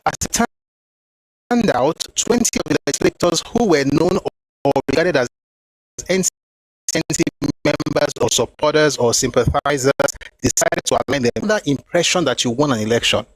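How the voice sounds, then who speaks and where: A man's voice: fairly high pitch, animated, moderate pace, slight background noise, poor audio. A man hosting a talk show, reading from a book and explaining each point with emphatic repetition. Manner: emphatic, repeats phrases to drive points home. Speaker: host.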